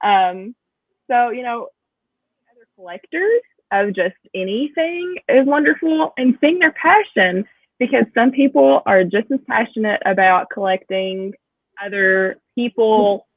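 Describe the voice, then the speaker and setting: A woman's voice: on the high side, lively intonation, measured pace. A woman talks as a guest in a casual interview, full of enthusiasm and easy laughter. Her voice comes through narrow, phone-like call audio. The sound is dry, with no room echo. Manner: enthusiastic, chatty, laughs often. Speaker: guest collector.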